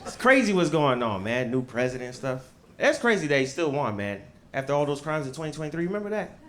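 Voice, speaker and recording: A man from the United States performing a stand-up comedy set with punchy, animated delivery and casual swearing. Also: on the high side, quick pace.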